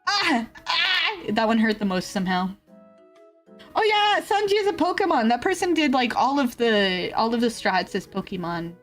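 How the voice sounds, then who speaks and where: High-voiced, animated woman streamer. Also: normal speed. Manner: animated, swings between excited yelps and low grumbling; rambling with frequent fillers and laughs. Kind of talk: casual chat with viewers. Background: faint background music.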